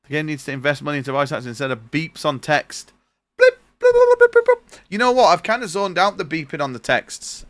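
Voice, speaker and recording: A man's voice: on the high side, quick pace, few pauses, fairly bright tone, dry recording. A young man streaming a game, chatting casually and reading its dialogue aloud in his own voice over a noisy recording. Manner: chatty, reads on-screen text in his own voice.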